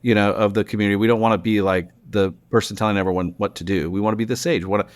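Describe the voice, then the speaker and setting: A middle-aged man from Texas, a company founder and podcast guest, telling animated stories in casual conversation, full of restarts and fillers. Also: on the low side, very fast, no room sound. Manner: animated, rambling anecdotes with many restarts and fillers.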